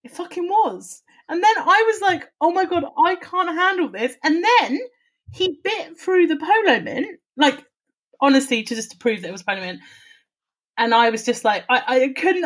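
A woman's voice: high-pitched, moderate pace. Chatty woman telling a story. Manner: animated storytelling with swearing and laughter. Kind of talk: casual chat.

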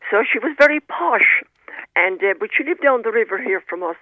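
A woman tells stories down a tinny phone line, her voice high and swooping with animation. The sound is dry and narrow, clearly heard through a telephone. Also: a little fast, no echo. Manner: lively, animated storyteller. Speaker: author guest on the phone. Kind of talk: anecdotal storytelling.

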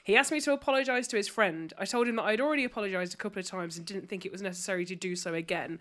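A woman's voice: mid-range voice, rapid-fire, a bit bright. A woman co-hosting a podcast, reading a listener's story aloud in casual chat, laughing often and swearing casually.

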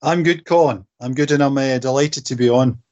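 A man's voice: mid-range voice, fairly quick, darkish tone, dry recording, dull audio. A man with a Glaswegian accent, talking as a podcast guest, hesitant with many uhs. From Glasgow. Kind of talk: casual chat.

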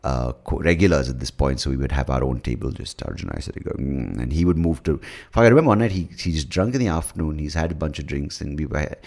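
Solo podcast host, extremely low voice, profane self-mocking ramble. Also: male voice, quick pace, a little mellow. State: hungover. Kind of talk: casual solo monologue.

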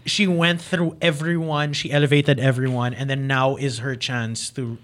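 A man co-hosting a casual wrestling podcast, animated and swearing freely, slipping into Tagalog. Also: medium pitch, moderate pace. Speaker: podcast co-host.

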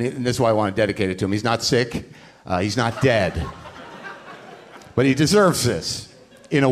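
A man hosting a live podcast on stage, telling a story in an animated, profane and self-deprecating way. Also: mid-range voice. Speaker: podcast host and comedian. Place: on stage at a live comedy show.

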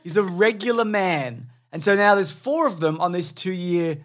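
A man co-hosting a podcast in casual chat, with a dry, deadpan manner. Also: high-pitched, normal speed. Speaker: podcast co-host.

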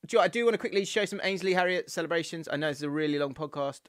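A man's voice: on the high side, very fast, smooth, no echo, clean studio sound. A man co-hosting a casual football podcast, laughing often as he reads out listener messages and trades banter. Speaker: podcast co-host.

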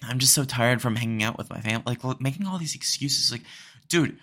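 A man's voice: mid-range voice, a little fast, a bit bright. A man hosting a solo podcast, ranting in an exasperated, rambling way with frequent fillers. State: hiccups. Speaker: podcast host.

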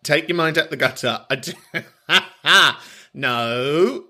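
Speaking slowly with a fairly high, bright, and forceful voice, a British man hosts a podcast full of casual comic banter. He's camp and sweary and frequently bursts into laughter mid-sentence.

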